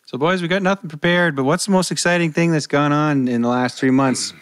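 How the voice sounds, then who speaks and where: A man's voice: a little high, steady tone, fairly quick, no room sound. A man co-hosting a podcast, upbeat, prompting the others with questions in casual chat. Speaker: podcast co-host.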